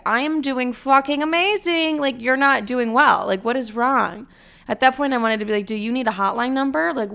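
A young woman in her twenties hosting a casual solo podcast, telling stories in a blunt, profane, animated way while still feeling a bit ill. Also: mid-range voice, vocal fry, smooth. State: recovering from illness. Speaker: podcast host.

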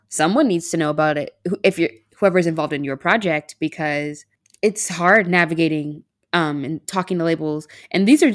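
A woman chatting as a podcast guest, casual and unprepared, talking in rambling runs with restarts. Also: fairly low pitch.

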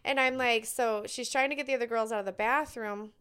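A middle-aged woman co-hosting a podcast, telling a story in casual chat, lively and acting out the people she quotes. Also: on the high side, a little fast, clean tone. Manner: animated storyteller, acts out quotes, swears casually. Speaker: podcast co-host.

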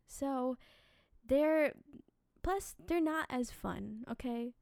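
A woman hosting a casual podcast, chatty and animated, giving singing advice with a slightly dry voice from little sleep. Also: high voice, vocal fry, smooth, no room sound. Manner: animated, chatty, quick asides and filler words. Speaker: podcast host and singing teacher.

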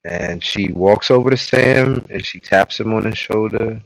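A man co-hosting a podcast, retelling episodes in casual chat and breaking into loud, exasperated outbursts. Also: lowish voice, a little slow, gravelly, no room sound, rough recording. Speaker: podcast co-host.

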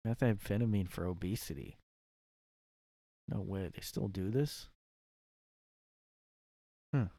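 A man's voice: on the low side, slow pace, warm tone, no room sound, studio quality. Rambling, joking podcast guy. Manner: rambling, joking, laughs at own bits. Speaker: podcast host. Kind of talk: casual solo monologue. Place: his room.

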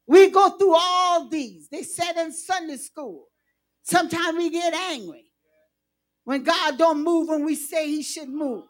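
Woman preaching, real high voice, takes her time, gets shouty. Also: a little slow. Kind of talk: sermon.

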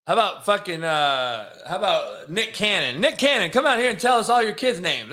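A man hosting a sports podcast, ranting in a profane, animated, casual way. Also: high-pitched, moderate pace, few pauses. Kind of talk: casual chat.

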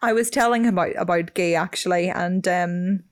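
A woman's voice: lowish voice, fairly quick, no echo, studio quality. A young woman with a Northern Irish accent, co-hosting a podcast and telling a frank, sweary story. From Northern Ireland. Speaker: podcast co-host. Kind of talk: casual chat.

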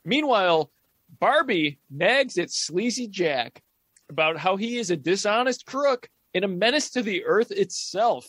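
A man's voice: high voice, expressive, unhurried, fairly bright tone, no echo. A man co-hosting a podcast, recapping a movie plot with wry, joking commentary. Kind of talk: casual comedic movie commentary.

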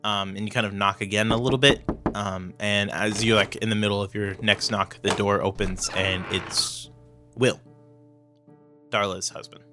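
A man's voice: on the low side, fairly even intonation, normal speed, music in the background. A man narrating as game master in a casual, hedging way, full of fillers.

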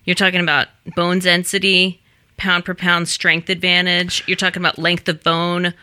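Brief: woman, very bright and sharp voice, halting and unsure, leaning on "like". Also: fairly low pitch, monotone. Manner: hesitant, halting, lots of "like". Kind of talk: casual chat.

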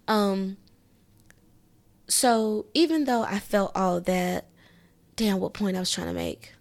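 A woman hosting a solo podcast in casual chat, emphatic and conversational, often checking in with "you know what I'm saying" and jumping up in pitch when she acts out reactions. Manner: animated, raises pitch when acting out reactions. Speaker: podcast host.

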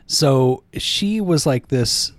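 Easygoing podcast dude, voice bounces around a lot, dry close mic, jokes about himself. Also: male voice, mid-range voice, lively intonation, drawn-out words, no echo. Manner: easygoing, self-deprecating, laughs often. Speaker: podcast co-host. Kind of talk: casual chat.

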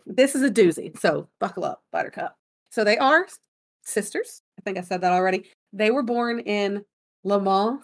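A woman co-hosting a podcast, casually telling a story in a chatty way and laughing often. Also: medium pitch. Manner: chatty, laughs often, apologetic about pronunciation. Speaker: podcast co-host.

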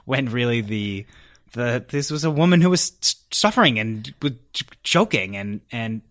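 A man's voice: mid-range voice, expressive, normal speed, fairly bright tone. A man as an interview guest, talking in an earnest, reflective way and telling stories about himself with some self-deprecating humor. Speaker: podcast guest. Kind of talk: conversational interview.

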